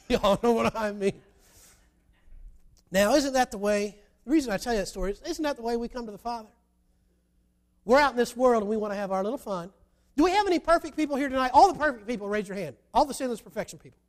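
A preacher with a high voice tells a story in a sermon. He builds to loud, emphatic bursts, then drops to quiet, confiding asides. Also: fast, pauses often. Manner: animated, shifts between loud emphatic and quiet.

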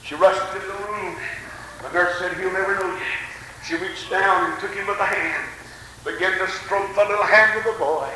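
A middle-aged man, preaching a fervent sermon, telling stories with stammering restarts and breaking into shouts of praise. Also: sits high, normal speed, echoey room, slight background noise, low-quality recording. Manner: stammering restarts, folksy storytelling.

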